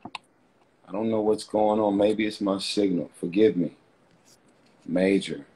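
Deep slow-talking guy going live on his phone from a hotel room, hyping up his viewers over and over. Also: fairly even intonation, warm tone, slight background noise. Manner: fervent, repetitive, addresses viewers directly. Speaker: livestream host. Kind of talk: casual livestream talk.

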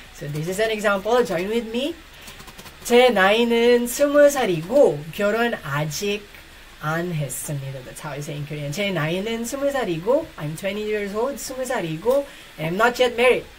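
A woman's voice: on the low side, slight background noise, poor audio. A Filipino woman teaching Korean in a casual online class, switching between Tagalog and English with playful laughter. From Philippines. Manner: fast, playful, laughs often.

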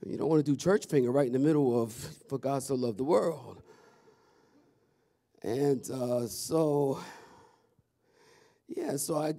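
Unhurried and prone to long pauses, a man with a mid-range voice preaches in a church sanctuary. He's a pastor speaking to his congregation in a chatty, animated manner and calling out to the audience.

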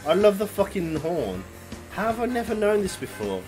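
A man giving excitable, swear-heavy let's play commentary, yelling at the game as he plays. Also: high voice, moderate pace. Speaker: gaming YouTuber. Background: game music.

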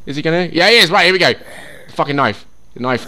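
A young man narrating his own playthrough, cursing freely and chatting to the game as he goes. His voice is bright and fairly high for a man, and he swings it up and down a lot, from hushed muttering to yelps. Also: expressive, fast. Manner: swears a lot, talks to himself and the game; drops to a whisper while sneaking. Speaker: gaming YouTuber. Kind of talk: casual let's-play commentary.

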